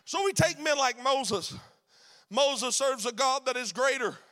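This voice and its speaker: A man preaching a sermon, rising into shouted, sing-song preaching. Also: very high-pitched, lively intonation, measured pace. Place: church sanctuary.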